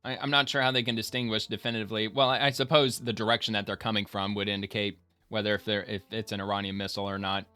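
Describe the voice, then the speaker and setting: Rambling, bright-voiced male commentator. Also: on the low side, level tone, fast talker, clean tone, no echo, faint music behind. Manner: rambling, many fillers and restarts. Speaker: online commentator. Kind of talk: casual reaction commentary.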